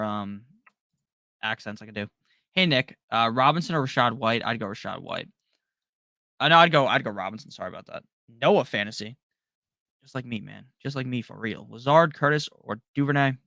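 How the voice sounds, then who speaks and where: Gravelly, bright-voiced male stream host. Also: medium pitch, no room sound, studio quality. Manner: rapid-fire, offhand answers with slang and the odd curse. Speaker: fantasy football live-stream host. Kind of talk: casual live Q&A, reading out and answering viewer questions.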